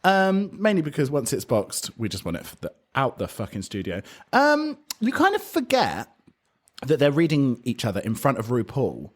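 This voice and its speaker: A man co-hosting a podcast, chatting in a camp, animated way and swearing freely. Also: medium pitch, brisk, few pauses. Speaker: podcast co-host. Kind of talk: casual chat.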